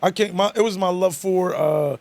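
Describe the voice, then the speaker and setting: A man's voice: sits high, moderate pace, darkish tone. A man in his forties, a guest artist, telling stories in a laid-back, casual interview chat. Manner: laid-back storyteller, says "you know what I'm saying".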